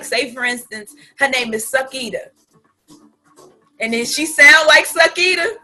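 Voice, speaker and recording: Animated woman coach, forties, bright high delivery, casual and chatty, for a team pep talk. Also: breathy edge. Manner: animated and colloquial, with laughing asides. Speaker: business coach.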